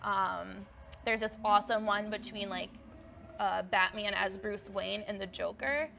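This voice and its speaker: A woman's voice: mid-range voice, steady tone, unhurried, gravelly, pushed and bright, a little hiss or hum. A woman co-hosting a casual comic book show, chatty and playful, with lots of filler words. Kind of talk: casual chat.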